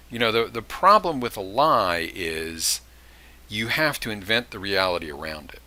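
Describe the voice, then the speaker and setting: A man's voice: lowish voice, big pitch swings, normal speed, bright, forceful tone. A man teaching criminal justice in a recorded lecture, talking casually and acting out short examples. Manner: conversational, with acted-out examples and asides.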